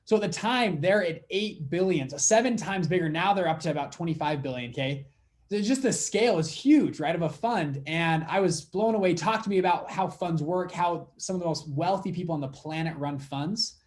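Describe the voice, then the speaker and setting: Man, young adult, fund manager guest, casual interview, animated storyteller, slightly high pitch. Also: moderate pace. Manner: animated storyteller acting out dialogue.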